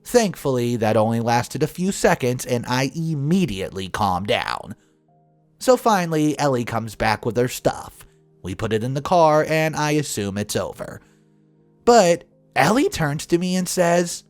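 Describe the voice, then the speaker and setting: A man narrating a family drama story in a scripted, expressive way, swinging between flat and emphatic delivery. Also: medium pitch, a little slow, no room sound, soft background music.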